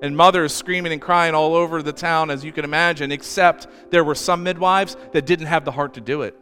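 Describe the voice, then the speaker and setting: A man's voice: a little high, fairly even intonation, fairly quick, pushed and bright. A man preaching a sermon as pastor, telling the story in a conversational way with asides. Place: church. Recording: reverberant church hall with faint music.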